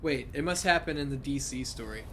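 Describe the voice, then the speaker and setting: A man's voice: mid-range voice, fairly quick, a bit bright. Man, tired, gameplay commentary, rambling, profane, noisy home recording. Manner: rambling, profane, laughing asides. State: tired, late at night. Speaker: let's play gamer.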